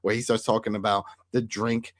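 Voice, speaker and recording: A man's voice: lowish voice, flat delivery, normal speed, no echo, studio quality. A man co-hosting a casual TV recap show, talking through the plot and quoting the characters as he goes. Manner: conversational, quotes characters in retelling. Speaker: podcast co-host.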